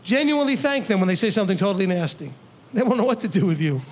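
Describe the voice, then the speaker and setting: A high-voiced man teaches a congregation as their rabbi. He talks in a loose, conversational way, slipping into other people's voices to act out what they might say. He keeps turning to the listeners with direct questions. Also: racing. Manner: animated, acts out quoted people and questions the audience.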